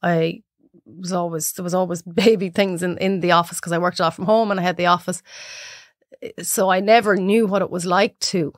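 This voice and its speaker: Irish woman, 30s, lively storyteller who mimics others, dry close mic. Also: moderate pace, no echo. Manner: animated storyteller acting out clients in high voices. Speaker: podcast guest. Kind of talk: casual chat.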